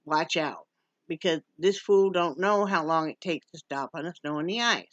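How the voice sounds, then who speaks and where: A woman's voice: deep voice, normal speed, no echo. A woman from Wyoming in a casual home vlog, chatty and joking and cooing at her dog. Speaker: vlogger. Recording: dull lo-fi sound.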